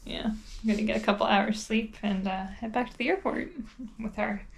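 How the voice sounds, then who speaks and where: A woman's voice: mid-range voice, steady tone, normal speed, creaky. A woman vlogging while traveling, chatty and tired, laughing often as she narrates. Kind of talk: casual travel vlog narration. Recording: loud background noise.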